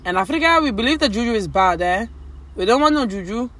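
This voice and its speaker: A woman's voice: a little high, lively intonation, fast talker, fairly bright tone, slight background noise. A woman co-hosting a casual podcast with her partner, chatty and teasing, rambling with lots of "like.". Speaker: podcast co-host. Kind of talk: casual couple chat.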